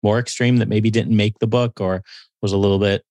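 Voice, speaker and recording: A man hosting a podcast interview, asking measured, thoughtful questions. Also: lowish voice, fairly even intonation, warm tone, dry recording. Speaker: podcast host.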